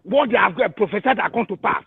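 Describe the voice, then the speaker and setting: A man with a Nigerian English accent, calling in and ranting in fury, shouting and hurling repeated insults. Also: high voice, lively intonation, fast talker, vocal fry, slightly rough, no echo. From Igbo region of Nigeria. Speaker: caller. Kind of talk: angry call-in rant. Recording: tinny phone line.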